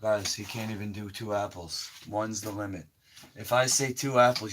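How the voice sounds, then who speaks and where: A fairly low-pitched man hosting a casual live stream. He gives bossy, blunt step-by-step orders and does not mind crude language. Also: fairly even intonation, normal speed, noisy background. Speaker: livestream host.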